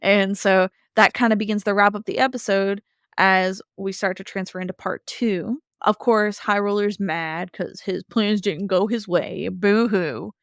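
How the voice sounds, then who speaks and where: Woman, podcast co-host, casual episode recap, animated, voices characters in passing, mid pitch, dry sound. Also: unhurried, no echo. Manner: animated storytelling, briefly acting out characters' lines.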